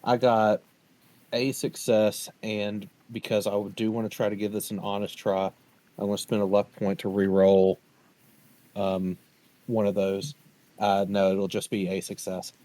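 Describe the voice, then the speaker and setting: A man's voice: lowish voice, monotone, a little slow, dark tone, dry recording. A man playing a tabletop role-playing game, speaking formally and hesitantly with lots of ums. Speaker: player.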